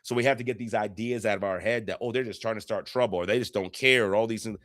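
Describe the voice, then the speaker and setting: A man's voice: fairly low pitch, fairly even intonation, quick pace, fairly bright tone, dry recording, clean studio sound. A man coaching on relationships in a casual, earnest teaching talk, repeating points and acting out quoted voices.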